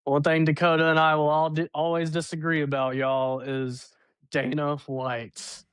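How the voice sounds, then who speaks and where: Laid-back, slightly high-voiced co-host. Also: male voice, flat delivery, moderate pace, fairly bright tone, smooth, no room sound. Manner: laid-back, hesitant, drawling. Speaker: podcast co-host. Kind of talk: casual chat.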